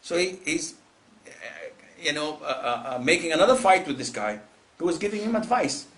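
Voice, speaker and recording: A male Islamic preacher giving a lecture, telling stories with lively acted-out voices and frequent laughter. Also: a little high, normal speed. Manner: animated storytelling, mimics callers in raised voices.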